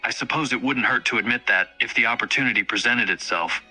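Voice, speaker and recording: A man's voice: mid-range voice, fast talker, bright, forceful tone, soft background music, rough recording. A man reading out a stiff, brooding hedgehog antihero. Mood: reserved.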